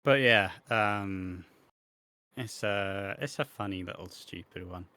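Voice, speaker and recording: This wrestling podcast co-host has a fairly low voice that sounds pushed and bright, and he takes his time speaking, with no echo. Laid-back in the casual chat, he swears freely and trails off with ums.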